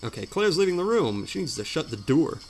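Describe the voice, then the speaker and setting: A man putting on a male YouTuber with a mock Yorkshire accent, stretching his vowels loudly. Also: a little high, very animated, voice pushed up. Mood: insistent. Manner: loud drawn-out exaggerated vowels.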